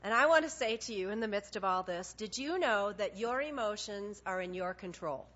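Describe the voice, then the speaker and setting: A woman preaching a sermon, animated and conversational, acting out little dialogues with God. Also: medium pitch, normal speed. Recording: dull lo-fi sound.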